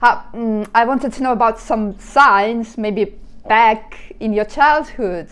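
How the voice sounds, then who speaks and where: Woman, fairly high, unhurried, smooth clear voice, gentle hesitant host questions. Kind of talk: casual conversation.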